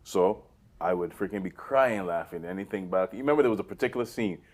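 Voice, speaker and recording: A man from Barbados, co-hosting a casual chat, animated and quick to laugh, with lots of "yeah, yeah". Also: low voice. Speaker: podcast co-host.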